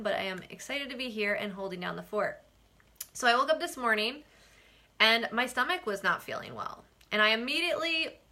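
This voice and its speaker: A young woman hosting a casual live-stream vlog, chatty and animated, laughing often and acting out quoted exchanges. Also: medium pitch, gravelly. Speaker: real estate agent and vlog host.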